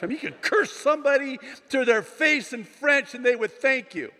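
A male pastor preaching a conference sermon, moving from quiet asides to impassioned shouting with joking digressions. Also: very high voice, animated, moderate pace, a little hiss or hum. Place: large conference hall. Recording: long hall reverb from a live conference.

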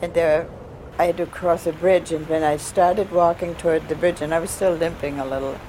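An older woman, not an English speaker, telling her own wartime story in an earnest, halting way. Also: low-pitched, fairly even intonation, mellow, a little hiss or hum, poor audio. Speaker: interviewee recounting wartime experiences. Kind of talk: personal oral-history storytelling.

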